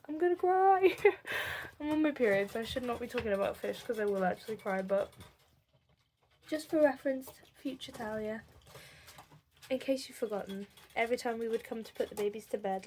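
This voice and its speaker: A young woman in her home, talking softly and heartfelt to camera in a rambling video diary. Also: a little high, slight background noise. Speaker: vlogger. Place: home room with pet enclosure.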